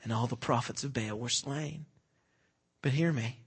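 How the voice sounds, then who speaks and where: A man preaching a sermon, quizzing the congregation with fill-in-the-blank questions and swinging between hushed and loud, emphatic delivery. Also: medium pitch, moderate pace, slightly rough.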